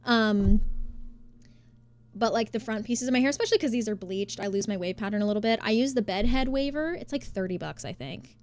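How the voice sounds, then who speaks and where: A woman's voice: medium pitch, brisk, a little mellow. A young woman chatting casually on a live stream, rambling with lots of fillers and restarts. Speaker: livestreamer.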